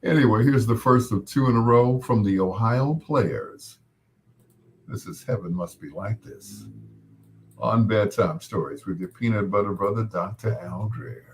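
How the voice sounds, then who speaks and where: A man's voice: lowish voice, unhurried, slight background noise. A man hosting a radio music show in casual, rambling on-air chat. He jokes and laughs often.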